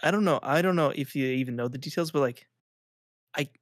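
A man's voice: medium pitch, brisk, no room sound, clean studio sound. Rambling man, "like" after every phrase. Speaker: podcast co-host. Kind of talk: casual chat.

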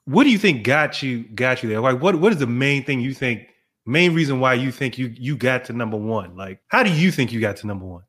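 Relaxed man asking interview questions. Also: mid-range voice, brisk. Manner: relaxed, repeats words as he forms questions. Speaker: podcast interviewer.

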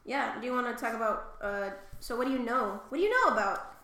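A woman co-hosting a podcast in casual chat, excitable and sweary, loudly acting out quotes. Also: on the high side, a little fast, echoey room. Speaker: podcast co-host. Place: home room.

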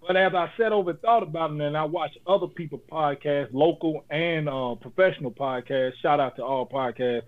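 A man's voice: a little high, brisk, few pauses. A man co-hosting a casual podcast, talking in a laid-back, joking way and giving motivational advice. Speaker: podcast co-host. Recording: phone-like lo-fi audio.

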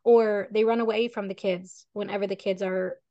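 A woman's voice: mid-range voice, steady tone, normal speed, dark tone, no room sound, lo-fi sound. Parenting co-host, woman, earnest and reflective, dry close sound over a call. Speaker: parenting coach and podcast co-host. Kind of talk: casual conversation over a video call. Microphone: video call.

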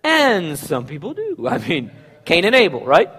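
Husky preacher, lively rising pitch. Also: male voice, normal speed. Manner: rhetorical questions to the congregation, swings from loud to hushed. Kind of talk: sermon.

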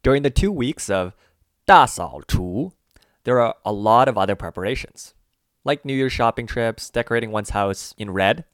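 A man co-hosting a language lesson, carefully walking through example phrases and slowing down on the key words. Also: medium pitch, expressive, no room sound, studio quality. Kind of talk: scripted explanatory lesson.

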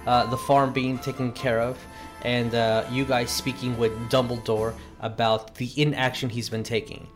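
A man narrating as game master, recapping a tabletop game session in a slow, halting way with many pauses. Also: mid-range voice, level tone, over music.

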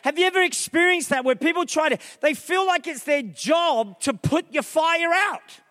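A male pastor preaching an energetic sermon, rousing the crowd with repeated questions and calls, mixing in humorous asides. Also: extremely high pitch, normal speed. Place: large theatre hall. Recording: long reverb of a large theatre.

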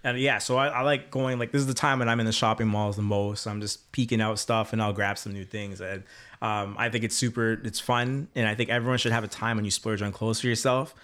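A man's voice: lowish voice, steady tone, a little fast, fairly bright tone. A man co-hosting a podcast, chatting casually and enthusiastically about his recommendations. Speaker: podcast co-host. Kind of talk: casual chat.

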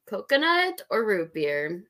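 A woman's voice: medium pitch, sing-song, slow pace, bright, forceful tone. A woman from the US Midwest co-hosting a casual podcast chat, teasing and laughing often. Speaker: podcast co-host.

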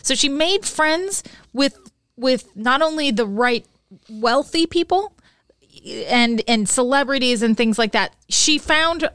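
A woman co-hosting a podcast in relaxed conversation, her voice smooth and resonant and a little high. She is recorded close and dry, with no room sound. She often restarts sentences as she steers the talk. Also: slow, no echo. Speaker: podcast co-host. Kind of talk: casual chat.

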